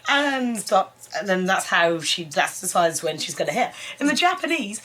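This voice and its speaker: A woman, chatting casually on an anime review show and acting out lines in high voices. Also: very animated, moderate pace, a bit bright. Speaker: co-host of an anime review channel.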